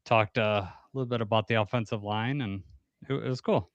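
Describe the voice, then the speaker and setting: A podcast co-host on a live stream chats casually, rambles a little, laughs easily and greets chat viewers. He has a lowish voice and a brisk pace. The recording is dry and lo-fi.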